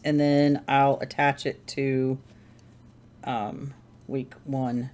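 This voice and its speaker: A woman's voice: rumbling low, little pitch movement, slow pace, a little mellow. Rambling woman chatting while she knits. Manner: rambling, self-correcting, thinking aloud. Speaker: crafting channel host. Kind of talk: casual chat while knitting. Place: at home.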